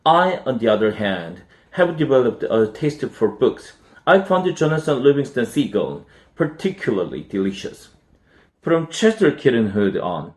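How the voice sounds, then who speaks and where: A man reads an English children's novel aloud, carefully and with the odd restart. His voice is lively and moves up and down a lot. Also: mid-range voice. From Korea. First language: Korean. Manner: careful, with small slips and restarts. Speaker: English teacher reading aloud. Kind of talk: storybook read-aloud practice.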